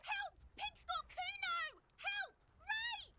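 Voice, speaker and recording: A woman voicing a shrill, foul-mouthed little kid who jeers and eggs others on. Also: big pitch swings, normal speed, background noise. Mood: shrieking. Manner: shrieking, jeering, egging others on.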